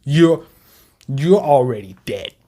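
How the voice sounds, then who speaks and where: A man hosting a casual manga reaction, talking in an animated, slangy way and laughing often. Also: mid-range voice, takes it slowly.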